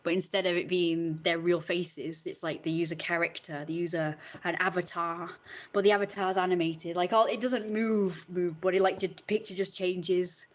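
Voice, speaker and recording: A woman's voice: on the low side, fairly even intonation, normal speed. A woman, chatting casually with her viewers in a rambling way, full of fillers and restarts. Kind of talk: casual chat.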